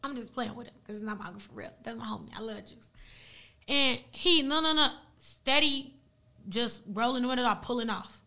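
Her voice runs somewhat high and a little fast as she tells a story on a podcast. A young woman whose first language is Arabic, she keeps it casual, animated, and full of slang.

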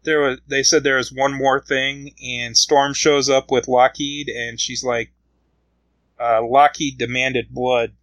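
A man's voice: mid-range voice, little pitch movement, takes it slowly, a bit bright, no echo, rough recording. A man casually retelling a comic book story, rambling along with frequent fillers.

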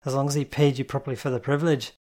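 A reader voicing a fierce, gruff woman who bellows and threatens. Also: mid-range voice, flat delivery, rapid-fire, a little mellow, natural voice. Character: fierce gruff woman, protective club worker. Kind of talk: audiobook character voice.

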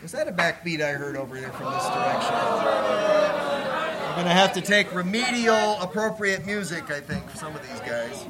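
A man's voice: on the high side, lively intonation, normal speed, a loud crowd. A man preaching as a missionary, folksy and joking as he tells stories from the pulpit. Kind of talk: sermon with stories.

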